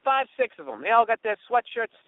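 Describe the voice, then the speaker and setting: Comic host, high voice, swearing storyteller, tinny dry lo-fi sound. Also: male voice, brisk, no echo. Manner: profane, animated, does mocking voices of others. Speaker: comedian podcast host. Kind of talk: storytelling monologue.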